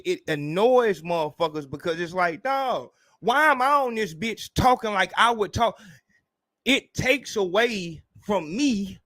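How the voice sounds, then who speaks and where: Man, podcast host, high voice, casual profane rant, animated, dry close sound. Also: no room sound. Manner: profane, animated, mimics people in mocking voices.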